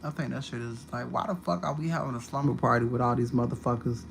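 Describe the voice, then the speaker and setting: A woman's voice: rumbling low, fast talker, creaky. Woman, livestream host, profane storytelling, faint background hiss. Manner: profane, animated storytelling with sudden loud outbursts. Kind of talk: casual livestream monologue.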